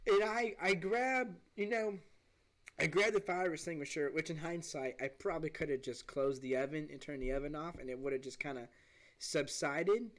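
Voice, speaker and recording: A man hosting a podcast, telling a story in an animated, rambling way with many restarts. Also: a little high, a little slow. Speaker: podcast host. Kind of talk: casual storytelling.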